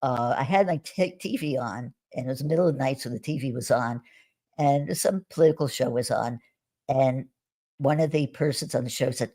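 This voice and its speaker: A woman guest on a video call, recounting her experiences in a relaxed conversational way, with frequent restarts and soft laughs. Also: extremely low pitch, brisk. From United States. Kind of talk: conversational storytelling on a live stream.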